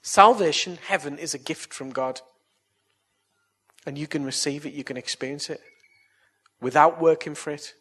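Male preacher, husky tone, pitched a bit high; chatty storyteller who moves into earnest appeals. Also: normal speed, pauses often, a bit bright. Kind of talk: evangelistic sermon and altar call.

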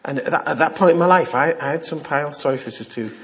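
A man's voice: a little high, rapid-fire, a bit bright. A middle-aged man preaching an informal, jokey sermon and acting out the voices he quotes. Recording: dull lo-fi sound.

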